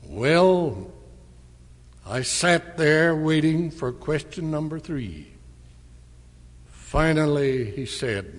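Very slow man speaking in a hall. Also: fairly high pitch, animated, a little mellow. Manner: slow, deliberate retelling of a conversation. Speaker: church speaker. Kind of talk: storytelling address. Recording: long hall reverb.

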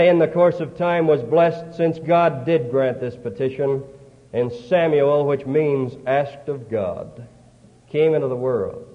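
A man preaching a sermon, retelling scripture slowly and earnestly with dramatic pauses. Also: on the high side. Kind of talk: storytelling sermon. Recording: tinny, hollow old hall recording.

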